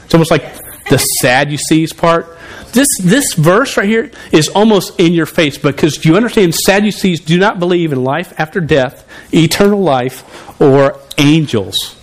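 A man with a drawl preaches to a congregation, talking in a loose, conversational way. His voice sits a little high for a man. He often stumbles, repeats words and restarts his sentences. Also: animated, moderate pace. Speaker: pastor. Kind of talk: sermon.

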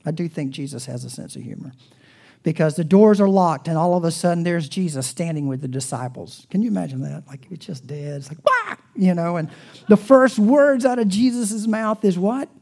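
Mellow-voiced pastor preaching expressively. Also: male voice, sits high, fairly quick, creaky. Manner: expressive, swings between loud emphasis and hushed near-whispers; soft, reverent prayer. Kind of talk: sermon.

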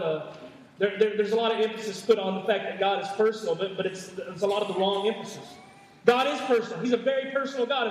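A man preaching a sermon to his congregation, with emphatic repetition and frequent stammering restarts. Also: very high voice. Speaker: pastor. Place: church sanctuary. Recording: echoey church hall, mic far off.

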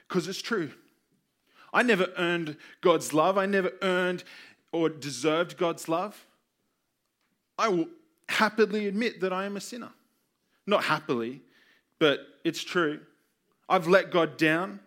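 Earnest preacher with a higher voice. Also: male voice, unhurried, long pauses, fairly bright tone. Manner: earnest storytelling, acts out quoted voices. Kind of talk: sermon.

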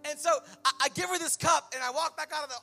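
A male pastor in his thirties preaching a sermon with stories, impassioned and swinging from loud to hushed. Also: very high voice, fast, creaky. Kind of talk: sermon with storytelling.

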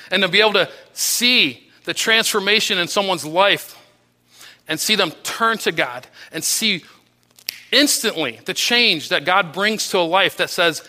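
A man preaching with a very bright, ringing tone that sits high in his register. He talks earnestly with many restarts, and his voice sinks low and soft to stress key phrases. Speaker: pastor. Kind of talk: sermon.

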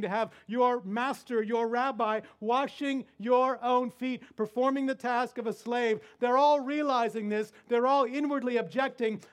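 A man preaching a sermon as pastor, with deliberate emphasis and rhetorical questions to the congregation. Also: extremely high pitch.

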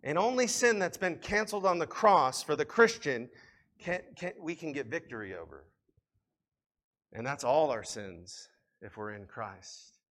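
A man's voice: a little high, lively intonation, unhurried. Man preaching with rising intensity. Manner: impassioned preaching, swinging from loud to soft. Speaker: pastor. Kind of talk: sermon.

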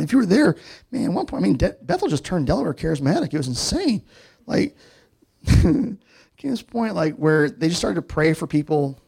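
A man's voice: fairly high pitch, creaky, mellow, slightly rough. A man preaching a sermon as a pastor, in a casual, conversational way with many fillers before he leads a prayer.

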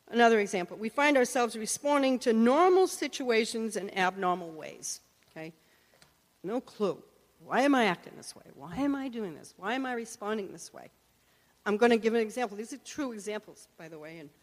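A woman teaching a sermon, telling earnest personal stories and acting out the voices of the people in them. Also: medium pitch. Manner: earnest storytelling, acts out quoted voices. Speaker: Christian teacher and prayer minister. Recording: long echoey hall reverb.

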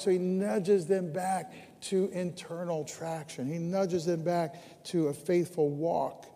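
Pastor, man in his sixties, mellow fairly high voice, storytelling sermon, long reverb of a big sanctuary. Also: fairly even intonation, slow, few pauses. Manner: storytelling, shifts from hushed to fervent.

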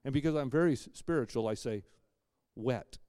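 A man preaching a sermon as pastor, emphatic, swinging between loud punches and quiet asides, with dry joking asides. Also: mid-range voice, fast talker, clean tone, no echo.

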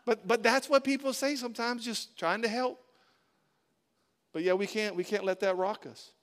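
A man's voice: high voice, fairly even intonation, normal speed, fairly bright tone. A male pastor preaching a sermon, emphatic and direct, often repeating his phrases.

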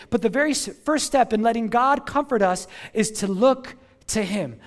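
A middle-aged male pastor preaching an earnest sermon to a congregation, often repeating words and calling on listeners to answer back. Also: very high voice.

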